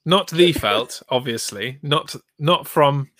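Man, middle pitch, grumbling, swearing, dry sound. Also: lively intonation, slow, fairly bright tone, no room sound. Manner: aggrieved, sweary storytelling. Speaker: podcast co-host. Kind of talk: casual chat.

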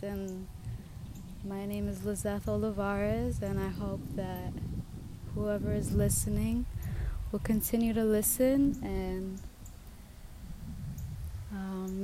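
A woman's voice: medium pitch, a little hiss or hum. A young woman hosting her own podcast, talking in a reflective, heartfelt way from a swing outdoors among trees. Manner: reflective and heartfelt, with soft laughs. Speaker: podcast host. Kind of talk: casual personal podcast monologue.

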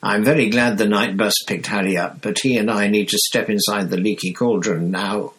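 A man's voice: on the low side, steady tone, normal speed, fairly bright tone, natural voice. A man doing a testy portly minister. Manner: clipped, testy, commanding. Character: testy portly middle-aged male minister.

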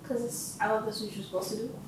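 A woman's voice: on the high side, steady tone, fast, recorded from a distance, background noise. A woman co-hosting a podcast, giving short, hesitant replies. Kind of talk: casual chat. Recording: echoey room, off-mic.

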